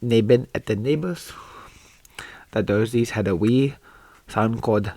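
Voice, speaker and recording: A man voicing a clumsy mock-Scottish storybook reader in an attempted Scottish accent, stumbling and halting through the text. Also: on the low side, mellow, no echo. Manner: stumbling, halting reading aloud. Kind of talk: reading a book aloud in a put-on accent.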